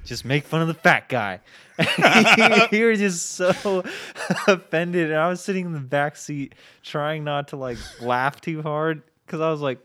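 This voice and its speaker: A man in casual conversation who speaks slowly in a slightly raised voice. He draws out his words and keeps breaking into laughter while he retells a story. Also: fairly high pitch, fairly even intonation, bright, forceful tone.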